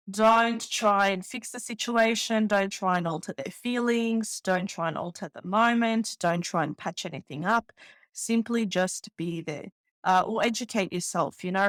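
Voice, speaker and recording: A woman's voice: medium pitch, no room sound. Heartfelt woman, dry close sound. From Balkans. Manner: heartfelt, candid, many fillers. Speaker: podcast host. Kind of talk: personal monologue.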